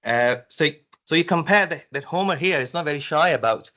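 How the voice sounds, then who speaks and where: A man's voice: on the high side, expressive, a little fast, pushed and bright. Hesitant man answering at an academic panel. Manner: hesitant, many restarts and fillers. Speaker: conference presenter answering a question. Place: university lecture room.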